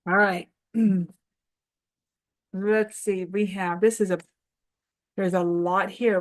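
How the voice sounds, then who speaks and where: Slow, encouraging preschool teacher woman. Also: mid-range voice, steady tone. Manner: encouraging, sing-song call-and-response. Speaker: preschool teacher and show host. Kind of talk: children's phonics lesson.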